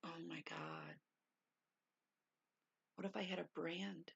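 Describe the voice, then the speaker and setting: Woman vlogger, casual live chat from her bedroom, gravelly and husky, low-ish voice, dull dry lo-fi sound. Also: slow pace, dry recording. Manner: gushing, repeats herself, bursts of excitement; hushed at times to stay quiet. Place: bedroom at home.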